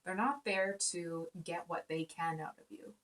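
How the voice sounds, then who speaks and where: At a measured pace, a woman with a fairly low, somewhat bright voice offers an informal spoken tarot reading. She comes across as sincere yet rambling, often using fillers and starting over.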